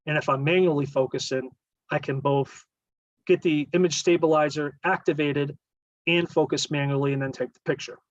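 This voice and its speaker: A man's voice: fairly high pitch, fairly even intonation, moderate pace, no room sound. Man explaining photography over a dull mic. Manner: explanatory, rambling, self-correcting. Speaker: bird photography presenter. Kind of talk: casual slideshow presentation.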